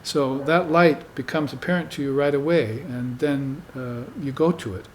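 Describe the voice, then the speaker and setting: A man speaking as a spiritual teacher to a room of students, with a mid-pitched voice. He talks in an unhurried, conversational way and keeps checking in with "you see". A faint hiss sits under the recording. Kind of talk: dharma talk.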